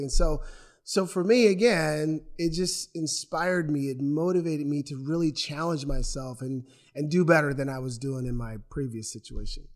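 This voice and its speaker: A man's voice: on the high side, normal speed. A man from Portland, Oregon, a former athlete, telling his own stories in an interview and acting out what others said. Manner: animated, acts out voices in his stories. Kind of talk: storytelling in an interview.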